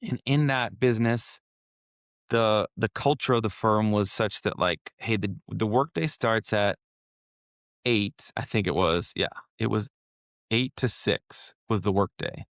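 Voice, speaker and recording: A man's voice: fairly low pitch, measured pace, dry recording, clean studio sound. A man guest on a podcast, telling a personal story in an earnest, emotional way and then coaching his listener directly. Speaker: podcast guest, wealth manager. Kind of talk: casual conversational storytelling.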